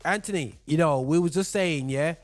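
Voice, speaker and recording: A man's voice: fairly high pitch, moderate pace. Emphatic man hosting a football chat. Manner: emphatic, animated, repeats words. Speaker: podcast host.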